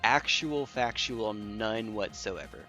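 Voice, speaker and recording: A man's voice: on the low side, expressive, slow pace, sharp tone, faint music behind. A man streaming online battles, joking and thinking aloud in casual commentary with lots of repeats.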